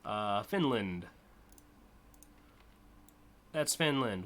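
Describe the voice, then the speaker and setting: A young American man hosting a live stream, rambling in casual commentary with lots of fillers and quick laughs. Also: mid-range voice, pushed and bright. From United States. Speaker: streamer hosting a community car contest.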